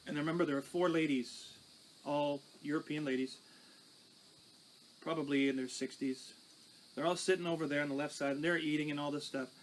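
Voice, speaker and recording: A man's voice: on the high side, fairly even intonation, brisk, pauses often, a little hiss or hum, poor audio. A pastor telling his life testimony in a conversational, storytelling way. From Canada. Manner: conversational, recounting with small restarts.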